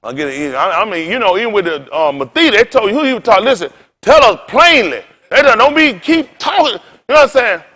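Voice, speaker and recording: A man's voice: extremely high pitch, sing-song, fast, sharp tone. A male pastor preaching an informal sermon, folksy and colloquial, telling stories and quizzing the congregation.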